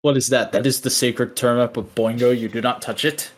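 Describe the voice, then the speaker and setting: A man's voice: medium pitch, steady tone, fairly quick. A man co-hosting a podcast, rambling along in a casual, joking, profane way. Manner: rambling, profane, self-mocking. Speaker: podcast co-host.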